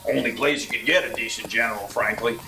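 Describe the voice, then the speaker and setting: A man telling folksy tall tales in a deadpan comic interview. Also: lowish voice, fast, over loud music. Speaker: comic storyteller.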